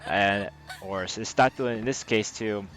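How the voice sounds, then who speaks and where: An American man translating game dialogue as he plays, in casual commentary, halting and often correcting himself. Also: on the low side, a bit bright, slight background noise. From United States. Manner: halting, self-correcting, full of fillers. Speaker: gameplay host translating dialogue.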